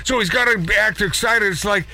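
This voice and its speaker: A man's voice: high-pitched, a little fast, vocal fry, pushed and bright. A man hosting a radio talk show, chatting casually, rambling and joking with frequent self-interruptions.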